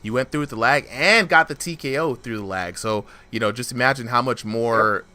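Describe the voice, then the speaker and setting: A man hosting a casual stream interview, talking in an energetic, slangy way. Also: medium pitch, brisk. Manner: energetic, slangy, says "bro" a lot. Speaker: host.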